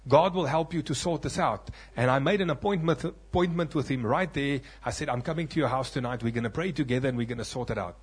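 Husky preacher man telling a testimony. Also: medium pitch, quick pace, hardly any pauses. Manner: dramatic storytelling, acts out voices, swings from loud to hushed. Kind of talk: sermon testimony.

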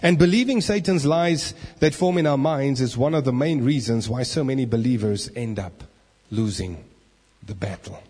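A man preaches in a church, slipping into the inner voices of the people he describes. His voice is husky, and it rings with the long reverb of a large hall. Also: mid-range voice, normal speed. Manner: animated, acts out inner voices. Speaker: pastor. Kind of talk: sermon.

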